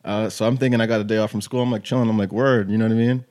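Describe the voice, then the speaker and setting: A man's voice: on the low side, little pitch movement, very fast, mellow. Podcast host in his twenties, laid-back storyteller, fills every gap with "like" and "you know". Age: 20s. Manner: loose storytelling, full of "like" and "you know what I'm saying". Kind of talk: casual chat.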